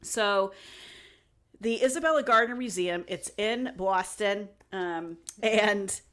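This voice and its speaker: A woman's voice: medium pitch, slow pace, a bit bright. A woman co-hosting a podcast, telling the story in a casual, chatty way, laughing and restarting her sentences. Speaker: podcast co-host presenting the story.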